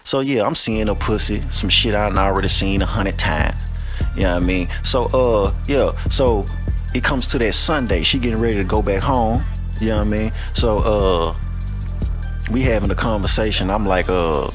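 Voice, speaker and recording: A man's voice: lowish voice, moderate pace, over music. A man hosting a podcast, telling a boastful, profane story in a swaggering, mocking way. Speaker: podcast host.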